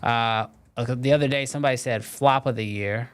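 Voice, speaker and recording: A man with a smooth, resonant voice hosts a casual live stream and chats loosely with his viewers. He sits at a middle pitch and talks in a relaxed way, with plenty of "um" and "like" between his thoughts. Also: a little fast. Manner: relaxed and conversational, many fillers like "um" and "like".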